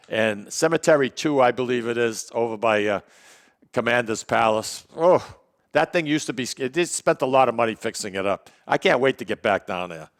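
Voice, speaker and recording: A man co-hosting a casual talk show with a mid-pitched, everyday voice. He rambles through long stories full of fillers and restarts, and teases his partner dryly when interrupted. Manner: rambling storyteller, teasing. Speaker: co-host.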